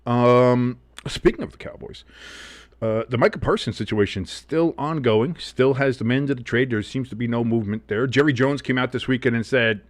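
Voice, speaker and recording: A man's voice: medium pitch, normal speed, no room sound, studio quality. A man hosting a casual live sports talk show, rambling and swearing freely with lots of fillers. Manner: rambling, profane, animated.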